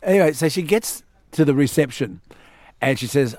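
An Australian man hosting a talk radio show, telling a story with lively acted quotes in a studio. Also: mid-range voice, normal speed, gravelly, no room sound. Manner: animated storyteller, acts out quotes. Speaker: radio host.

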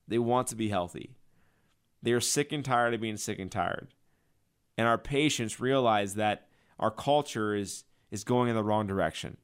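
Passionate male radio host, smooth voice. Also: moderate pace. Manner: enthusiastic, passionate sales pitch. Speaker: radio show host and chiropractor. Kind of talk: radio talk with patient story and clinic ad.

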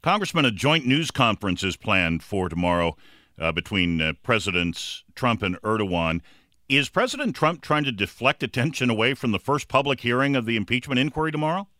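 Male radio interviewer, bright crisp voice, dry studio sound, asks short direct questions. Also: mid-range voice, very animated, fairly quick, no room sound. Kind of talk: news interview.

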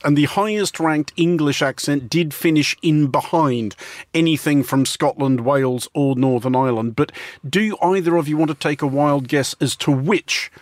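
A man's voice: medium pitch, no room sound. A man with an Australian accent hosting a radio talk show with dry, mock-formal humor. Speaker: host.

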